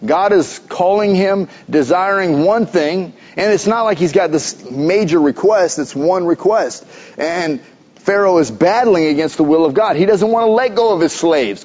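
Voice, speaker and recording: A pastor giving a sermon in a conversational, playful preaching manner, recorded in a church sanctuary. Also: male voice, fairly high pitch, darkish tone. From United States. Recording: dull lo-fi church recording with long reverb.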